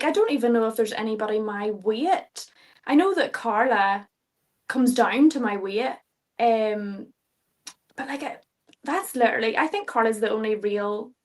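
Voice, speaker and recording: A young Irish woman, a fighter guest in an interview, talking casually, swearing freely and laughing often. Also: fairly high pitch. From Ireland.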